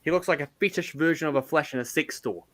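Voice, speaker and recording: A man's voice: on the high side, fast talker, a bit bright. Joking young man with a New Zealand accent. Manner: blunt, joking, stumbles over words. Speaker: co-host. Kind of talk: casual chat.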